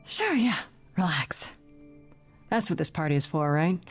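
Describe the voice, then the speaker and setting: A tentative young newcomer. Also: female voice, sits low, animated, slow pace, slightly rough, soft background music, heavily acted. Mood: unsure. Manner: tentative, sympathetic. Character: young woman newcomer, kind and unsure. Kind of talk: video game voice acting.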